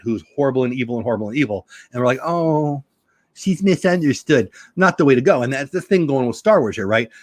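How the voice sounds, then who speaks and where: A middle-aged man talks through a casual live stream in an animated, chatty way, his voice at an everyday middle pitch. He has a slight sore throat. The sound is dry and close, with no room around it. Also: no room sound. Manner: animated, chatty, reads chat aloud. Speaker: live show host.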